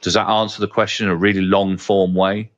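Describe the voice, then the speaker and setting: Deep-voiced and brisk, a podcast host speaks with little pitch movement, and the audio has its highs cut off. He tells casual anecdotes candidly and chattily, using lots of fillers and an occasional swear word.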